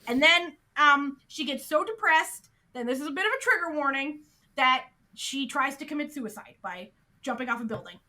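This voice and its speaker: A woman's voice: high voice, normal speed. A woman co-hosting a podcast, animatedly recapping a TV show in casual chat, full of "like". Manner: animated, chatty, heavy use of "like". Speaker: podcast co-host.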